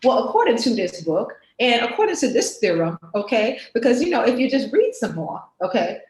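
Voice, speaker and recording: A woman's voice: fairly high pitch, very animated, a little fast, darkish tone, slight background noise, pitched above the performer's own voice. Lady putting on a stuffy lecturing academic guy, know-it-all, bit of room echo. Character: pompous bookish male academic in elbow-patch blazer.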